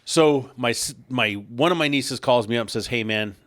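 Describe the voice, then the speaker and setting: A man co-hosts a casual podcast, telling a long, rambling story and laughing at his own punchlines. His mid-range voice has a fairly bright tone and a moderate pace, with no room sound.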